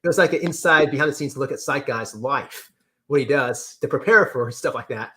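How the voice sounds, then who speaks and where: A man hosting a casual livestream, reading chat comments with lively exclamations and repeated words. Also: mid-range voice, fairly quick. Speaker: livestream host.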